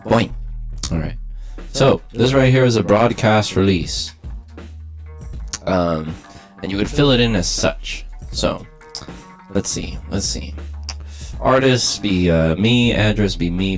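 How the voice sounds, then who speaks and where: A young man hosting a podcast, rambling loosely and self-deprecatingly with plenty of swearing. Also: low-pitched. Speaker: podcast host. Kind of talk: casual, profane podcast chat.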